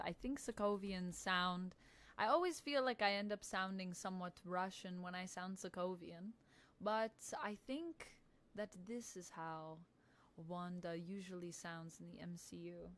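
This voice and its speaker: A woman's voice: on the low side, unhurried. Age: 30s. Chatty woman streamer. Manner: chatty, reads viewer messages aloud, upbeat. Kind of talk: casual livestream chat.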